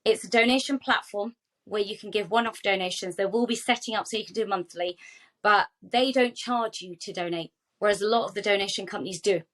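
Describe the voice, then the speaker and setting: Animated woman telling heartfelt stories. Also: medium pitch, a little fast. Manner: animated, heartfelt storytelling with quoted dialogue. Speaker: charity founder, guest. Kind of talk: podcast interview.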